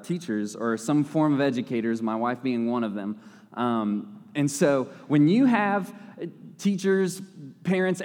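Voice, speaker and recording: Long hall reverb surrounds a young man preaching a casual, conversational sermon as a lay preacher, full of playful asides and frequent self-corrections. His voice runs a little high and has a darkish tone.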